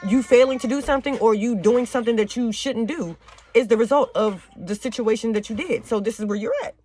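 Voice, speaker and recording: A young woman talks fast and straight into the camera at home, hosting her own show. She lectures her listeners in a blunt, preachy way, swearing freely as she goes. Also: on the high side, mellow. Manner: blunt, heavy cursing, preachy. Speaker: talk show host. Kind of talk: casual monologue to viewers. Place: home with children nearby.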